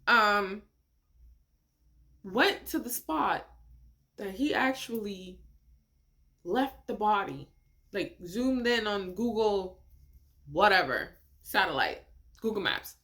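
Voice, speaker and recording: A woman hosting a casual reaction video, talking in an animated, incredulous way with frequent laughter and rhetorical questions. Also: mid-range voice, slow pace, pauses often.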